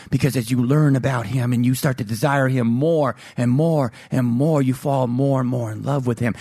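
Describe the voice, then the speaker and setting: A man preaching a sermon as pastor, with an emphatic delivery that swings between loud highs and low, slow lines. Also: dry recording, clean studio sound.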